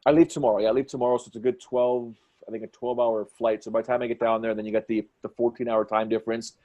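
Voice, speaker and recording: A man in his forties, a fight commentator guest, telling stories in an excitable, quick way and acting out what people said. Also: medium pitch. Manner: excitable, quick storyteller who acts out quotes. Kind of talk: animated storytelling in conversation.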